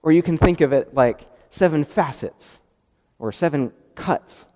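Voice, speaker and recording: A man preaching a sermon in a conversational, animated way, often restarting his sentences. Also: a little high, unhurried, in a large hall.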